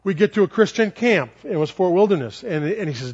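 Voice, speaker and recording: A man preaching a sermon, telling stories in an animated way and repeating words for effect. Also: sits high, fairly quick, few pauses, slightly rough. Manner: animated, repetitive. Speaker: pastor. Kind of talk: sermon storytelling. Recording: lo-fi sermon recording.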